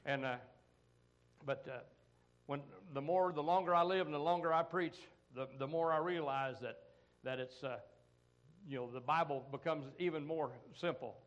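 A middle-aged American pastor preaching a folksy sermon, peppered with "amen" and "come on" asides. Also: male voice, a little high, normal speed, highs cut off.

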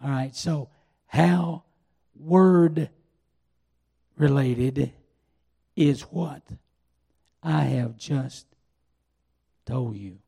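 An older man preaching a sermon, telling a personal testimony in a folksy, drawn-out way. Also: medium pitch, vocal fry, dark tone, breathy edge. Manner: folksy storytelling, drawn-out pauses. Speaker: pastor.

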